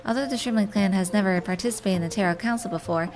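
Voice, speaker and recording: An earnest young messenger in a fantasy game, speaking formally and with heartfelt devotion to the mission, read aloud by a woman in her own voice. The pitch is middling, and soft game music plays underneath. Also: fast talker, natural voice.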